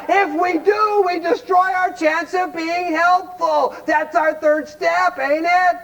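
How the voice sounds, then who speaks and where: Speaking unhurriedly in a very high voice with fairly even intonation, a Cleveland, Ohio man leads a blunt, folksy recovery workshop. He keeps testing listeners with rhetorical questions, and the audio quality is poor.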